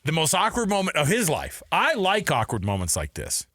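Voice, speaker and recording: Close-miked in a dry studio with no echo, this man co-hosts a sports radio show and tells stories at a normal pace. His fairly high, bright voice swoops around as he chats casually, laughing and animated.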